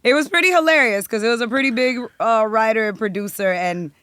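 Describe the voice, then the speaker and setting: A young woman from South Florida, a singer-songwriter telling a story as a podcast guest, animated and profane. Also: on the high side, quick pace, dry recording. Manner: animated, profane, acts out quotes. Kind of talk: casual storytelling interview.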